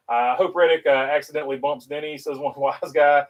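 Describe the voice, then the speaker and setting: A man's voice: on the high side, steady tone, a little fast, recorded from a distance, poor audio. A man with a North Carolina Southern accent hosting a casual livestream, reading viewer chat aloud and rambling with lots of filler uhs.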